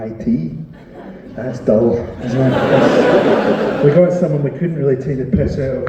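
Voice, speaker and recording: A man's voice: mid-range voice, heavy reverb. Male comic, crowd work, caustic and sweary; dull distant live sound with noise. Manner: sweary, sardonic, teasing the crowd. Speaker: stand-up comedian. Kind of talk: stand-up set with crowd work. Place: live comedy venue on stage. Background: audience laughter and chatter.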